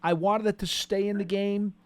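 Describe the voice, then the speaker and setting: A man's voice: high voice, fairly even intonation, moderate pace, a little mellow, smooth, no room sound. A man co-hosting a sports talk show, chatting easily and laughing often. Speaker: co-host.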